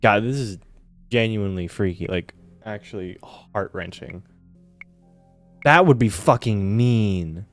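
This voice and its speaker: A man's voice: on the low side, slow pace, soft background music. A man playing a video game on stream, reading its narration aloud and tossing in casual, sometimes profane reactions. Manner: swears casually, mutters reactions between read-aloud narration. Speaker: gaming streamer. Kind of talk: casual let's-play commentary and reading game text aloud.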